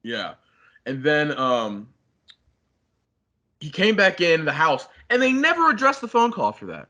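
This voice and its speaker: A man's voice: a little high, very animated, normal speed, pauses often, bright, forceful tone. A young man, a podcast co-host, animatedly retelling a story in casual chat, swearing a lot and saying "like" constantly.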